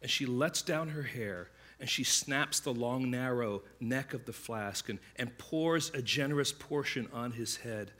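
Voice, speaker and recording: A man preaching a sermon, telling stories in a conversational way and acting out the voices of the people in them. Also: mid-range voice. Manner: conversational, animated storytelling with quick asides; acts out quoted voices. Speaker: pastor.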